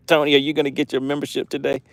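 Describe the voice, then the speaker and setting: A man's voice: a little high, monotone, fairly quick, creaky, no echo. A man hosting a fishing livestream, reading viewer comments aloud and laughing often in casual chat.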